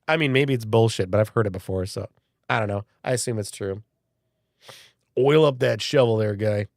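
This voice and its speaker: Rambling and chatty, this live-stream host in his early forties reads out his viewers' messages and lets the odd swear word slip. His voice sits lowish at a moderate pace, captured in studio quality without echo.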